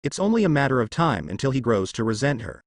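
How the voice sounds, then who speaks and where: A man's voice: medium pitch, sing-song, fast talker, no echo, studio quality. A man doing a cold irritable young ninja. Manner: annoyed.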